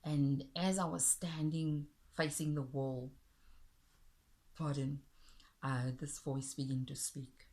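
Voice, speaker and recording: Low-voiced woman sharing an earnest testimony. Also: level tone, slow, a little mellow. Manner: earnest, heartfelt, rising with emotion when quoting God. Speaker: Christian speaker sharing a testimony. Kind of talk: personal testimony with a recited poem.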